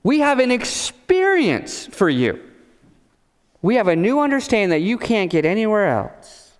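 Preacher acting out brash, obnoxious hucksters, shouting high and loud, echoey hall. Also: male voice, very animated, measured pace, clean tone. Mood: shouting, pushy. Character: false teachers shouting, loud and pushy.

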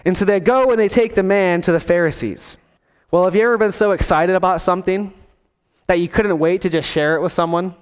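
High-voiced pastor in a reverberant hall. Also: male voice, brisk, clear, resonant tone. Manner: storytelling, acts out scenes with voices. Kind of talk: sermon.

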